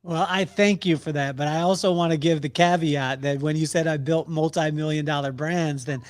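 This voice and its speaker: A middle-aged man, a podcast guest, telling stories in a casual, animated way, laughing often and acting out the voices of people he quotes. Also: on the high side, moderate pace, dry recording, clean studio sound. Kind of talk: storytelling in a casual interview.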